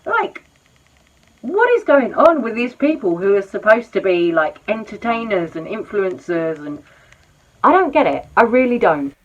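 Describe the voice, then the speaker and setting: A woman's voice: medium pitch, big pitch swings, moderate pace, highs cut off. A woman vlogger chatting casually about drama while doing her makeup, exclaiming and repeating words for emphasis. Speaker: commentary vlogger.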